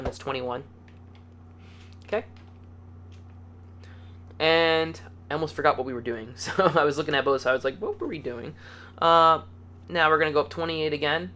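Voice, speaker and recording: Upbeat man hosting a casual building tutorial, counting blocks aloud; bright, keen voice with a faint hum behind. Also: a little high. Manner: upbeat and chatty, playful words, easygoing. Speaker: video game tutorial host.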